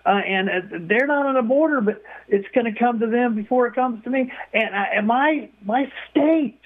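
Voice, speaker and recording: Older male caller, high-pitched, upset and stammering, heard over a tinny phone line. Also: normal speed. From Texas. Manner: upset, stammering and repeating words. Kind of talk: phone-in call.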